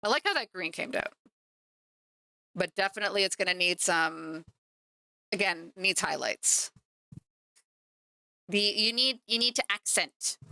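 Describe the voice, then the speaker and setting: A woman's voice: mid-range voice, expressive, measured pace, gravelly, long pauses, sharp tone, clear, resonant tone, dry recording. A woman streaming live while painting miniatures, chatting to viewers in a self-mocking way. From Canada. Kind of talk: casual livestream chat.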